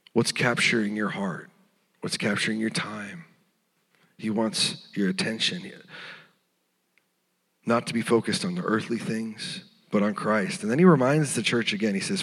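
A man preaching a sermon as pastor, earnest and tender, sometimes dropping to a hushed voice. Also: fairly low pitch, normal speed, slightly rough, in a large hall. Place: church sanctuary.

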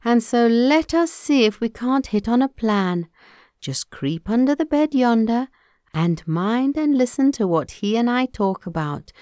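A woman voicing a clever young princess in a storybook tale, earnest and quick-witted. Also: on the high side, expressive, mellow, smooth, no echo, clean studio sound, voice pushed up. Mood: scheming.

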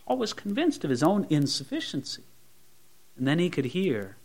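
A male pastor preaching a sermon, swinging between soft, low asides and raised, emphatic lines. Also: huge pitch swings, moderate pace, long pauses.

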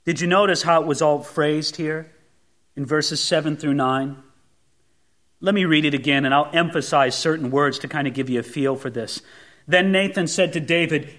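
A male pastor delivering a sermon, animated and emphatic, asking the congregation rhetorical questions and swinging between emphatic rises and hushed drops. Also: on the high side, moderate pace. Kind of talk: expository sermon.

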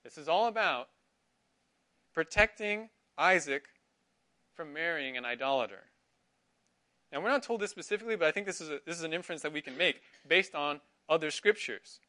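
A middle-aged man leads a Bible class, his bright voice swinging widely up and down as he quizzes the room and affirms each answer. He speaks in a fairly high register, with a clear, lively delivery. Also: normal speed, pauses often. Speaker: Sunday school teacher.

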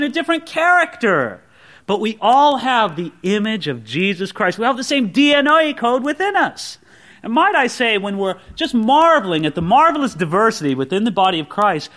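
A man preaching a sermon in a conversational, animated way, with joking asides. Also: extremely high pitch.

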